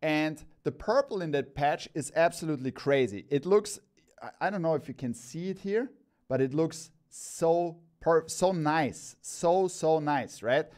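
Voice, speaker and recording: A man hosting a live-stream product showcase, talking in an excited, enthusiastic and rambling way as he presents hats one by one. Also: on the high side, measured pace. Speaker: cap store host.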